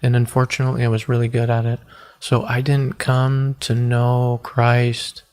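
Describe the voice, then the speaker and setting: Man, 40s, podcast guest, personal testimony, earnest, halting, very flat delivery. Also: mid-range voice, clean tone. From United States. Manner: earnest, halting, with many restarts.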